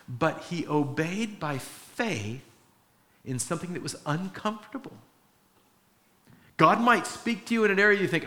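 A man's voice: a little high, unhurried, pauses often. A man preaching a sermon, retelling a story with acted-out quotes and earnest, emphatic teaching. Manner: animated storytelling, acting out quoted voices. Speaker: pastor.

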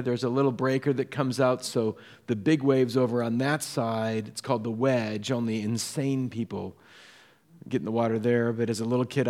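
A man from Southern California preaching a sermon, telling personal stories and often dropping to a soft hush to drive a point home. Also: medium pitch. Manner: storytelling, drops to a soft hush for emphasis. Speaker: pastor. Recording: echoey hall reverb.

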